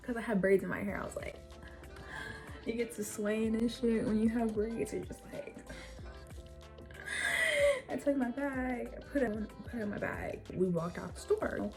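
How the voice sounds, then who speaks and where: A young woman vlogger telling a story casually, animated and rambling with lots of fillers and swearing. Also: mid-range voice, gravelly.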